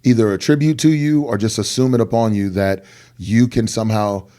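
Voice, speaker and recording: Earnest man with a low, mellow voice. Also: a little fast. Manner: earnest, animated, acts out quoted people with big pitch jumps. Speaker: guest rapper. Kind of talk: candid podcast storytelling.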